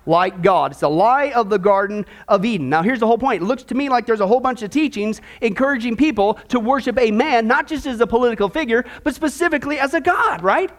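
A man's voice: very high-pitched, quick pace, hardly any pauses. A man preaching a sermon-style Bible lesson, emphatic and sarcastic, full of rhetorical questions.

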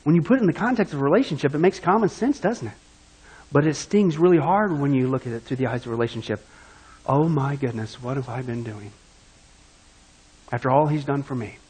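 A man's voice: mid-range voice, brisk, a little mellow, husky. A man preaching a sermon who poses rhetorical questions and answers them himself, then draws the listener into a vivid scenario.

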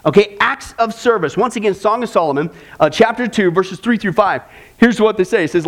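A man's voice: high voice, fairly quick. A man preaching a sermon in an emphatic, conversational way, often stopping to say "listen" or "okay?". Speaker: pastor.

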